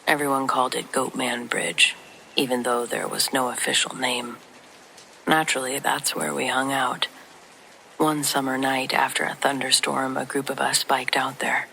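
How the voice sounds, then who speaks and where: A narrator whispering a true horror story in a soft, hushed voice, with faint rain behind. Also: mid-range voice, little pitch movement, normal speed, creaky, a little hiss or hum, low-quality recording.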